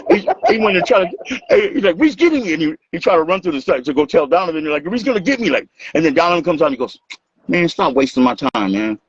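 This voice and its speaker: A man from Los telling stories in an animated, casual way, acting out what people said and swearing freely. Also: on the high side, quick pace, breathy edge. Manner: animated, acts out quotes, swears freely, laughs. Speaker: guest, dancer and music maker. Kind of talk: casual storytelling interview. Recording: dull lo-fi sound.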